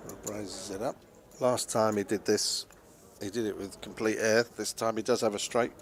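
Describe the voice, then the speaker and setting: A man's voice: fairly low pitch, steady tone, moderate pace, slight background noise. A man with an English accent commentating live on a poker game, chatty and joking between hands.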